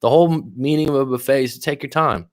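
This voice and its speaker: Speaking fast in a medium-pitched voice, a life coach hosts a livestream where he chats casually, swears freely and reacts to viewers' comments. The recording is clean studio sound with no echo.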